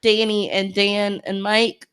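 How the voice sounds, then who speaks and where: A woman's voice: mid-range voice, little pitch movement, takes it slowly, a bit bright, clear, resonant tone. A woman co-hosting a podcast, chatty and teasing, giggling through a loose wrap-up. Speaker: podcast co-host. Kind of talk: loose joking outro chat.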